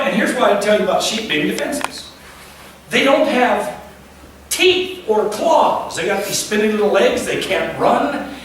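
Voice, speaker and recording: A man's voice: high-pitched, fairly bright tone, slight background noise. A male pastor preaching a folksy, joking sermon and now and then imitating bleating sheep. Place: church sanctuary. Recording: very echoey hall, distant mic.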